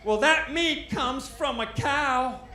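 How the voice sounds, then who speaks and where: A man's voice: extremely high pitch, takes it slowly, sharp tone, roomy sound, full character voice. A man voicing a preachy vegetarian who scolds someone for eating steak, in a stand-up routine.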